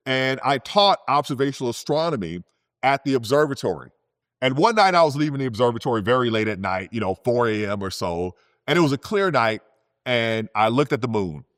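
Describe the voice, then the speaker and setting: A man, a physicist, telling science stories in a relaxed, conversational way, often adding "you know" and "right?". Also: mid-range voice, no echo, clean studio sound. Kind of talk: storytelling science talk.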